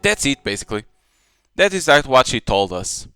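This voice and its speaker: A man playing a game and reading its dialogue aloud in a plain, even way. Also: mid-range voice, a little fast, clear, resonant tone, dry recording, soft background music. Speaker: gamer.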